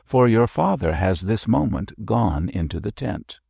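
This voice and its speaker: A man's voice: on the low side, very animated, measured pace, vocal fry, dark tone, slightly rough, no room sound, studio quality, heavily acted. Man voicing a demure young lady. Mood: earnest. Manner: demure, earnest. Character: demure, gentle young woman, the captain's fiancée.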